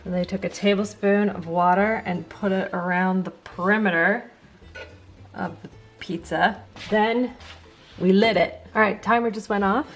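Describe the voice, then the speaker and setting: A pregnant young woman, a cooking vlogger, chats to a camera on a stand in her home kitchen as she cooks, mocking herself and talking to herself along the way. Her voice is medium-pitched, with fairly even intonation and a slightly slow pace, over soft background music.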